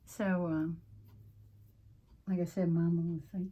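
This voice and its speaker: A woman with a Southern American accent chatting casually as she crafts, homey and prone to drifting off topic, with a slightly husky voice and frequent throat-clearing. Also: fairly low pitch, flat delivery, a little slow, narrow, tinny audio. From Southern United States. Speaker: crafting channel host. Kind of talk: casual craft-along chat.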